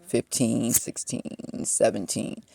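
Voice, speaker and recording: Gravelly, frustrated man in his fifties. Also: medium pitch, flat delivery, slow, dark tone. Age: 50s. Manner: frustrated, venting, storytelling. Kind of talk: personal vlog monologue.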